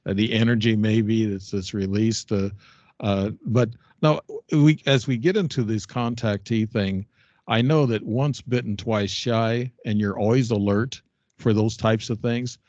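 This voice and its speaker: A low-pitched man hosting a talk show, drifting from thought to thought with lots of "uh"s. His voice is bone dry and comes through dull, lo-fi call audio. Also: fairly even intonation, measured pace, darkish tone, no room sound. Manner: rambling, with many fillers. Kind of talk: casual interview chat.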